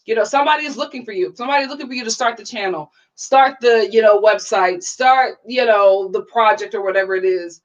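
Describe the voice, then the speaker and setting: A young woman hosting a casual livestream, chatty and bubbly, full of "like" fillers and sudden excited high exclamations. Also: fast, few pauses, dull audio. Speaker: YouTube reality-TV reviewer reading live chat.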